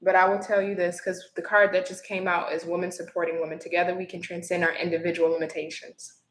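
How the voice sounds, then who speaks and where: A woman's voice: lowish voice, little pitch movement, fast, reverberant, poor audio. A woman giving a live-stream tarot reading, earnest and emotional, with apologetic asides. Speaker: tarot reader.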